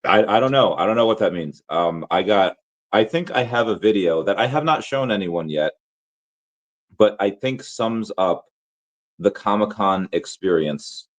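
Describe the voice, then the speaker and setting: A man with a hoarse, worn-out voice, chatting casually and rambling with many restarts and fillers as a crypto vlogger. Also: on the low side, animated, unhurried, highs cut off. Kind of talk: casual chat.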